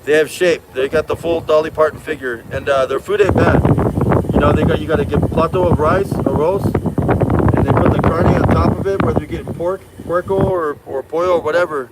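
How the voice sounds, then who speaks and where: A man's voice: fairly high pitch, a little fast, heavy background noise. A man chatting on a livestream as a truck driver, rambling and slangy, dropping in Spanish words. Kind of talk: casual livestream chat.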